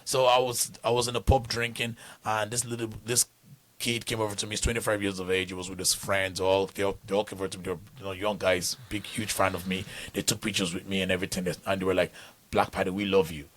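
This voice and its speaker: A man from Nigeria, middle-aged, a guest on a casual podcast. His voice sits fairly low. He tells stories in long rambling runs and often restarts his sentences. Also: level tone, quick pace, a bit bright. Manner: rambling storytelling with many restarts.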